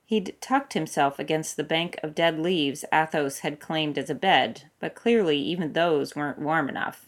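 A woman reads a story aloud with steady, expressive narration. Her voice is notably low for a woman, calm, and even. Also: moderate pace. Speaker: fanfic reader. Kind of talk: storybook reading.

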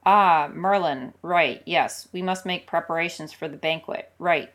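A woman's voice: fairly low pitch, a little slow, fairly bright tone. A woman doing a brash young king. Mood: flustered.

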